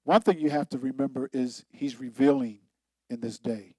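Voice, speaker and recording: A man's voice: medium pitch, steady tone, moderate pace, a little mellow, no echo, low-quality recording. A man, a pastor, giving an informal Bible teaching in a conversational, emphatic way, repeating himself and laughing at his own points.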